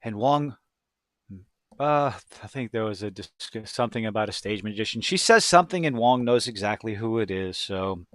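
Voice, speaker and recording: A man's voice: lowish voice, animated, normal speed, dry recording, studio quality. A man talking casually as he reviews a show, blunt and rambling, with self-deprecating asides.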